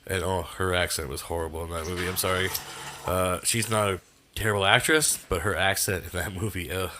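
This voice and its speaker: A man's voice: low voice, fairly even intonation, a little fast, sharp tone, slight background noise. A man co-hosting a podcast in casual chat, blunt and swearing freely. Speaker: podcast co-host.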